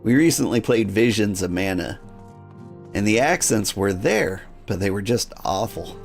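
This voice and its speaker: A man's voice: fairly low pitch, animated, normal speed, creaky, soft background music. A man giving casual, rambling game commentary as a streamer. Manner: rambling, with fillers and restarts.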